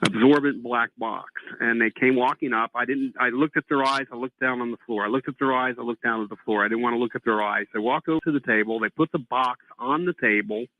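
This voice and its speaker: A man's voice: mid-range voice, quick pace, few pauses. A man telling a long personal story to a host, acting out the dialogue he recalls. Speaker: guest telling an abduction story. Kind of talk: phone-in conversation. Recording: tinny phone line.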